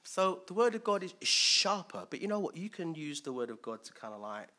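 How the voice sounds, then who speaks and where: Male preacher, conversational sermon; bright, slightly husky voice with lively pitch swings, restarts and loud punches. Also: a little fast. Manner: animated, swings between loud emphasis and quiet asides; thinks aloud with restarts and acts out quotes.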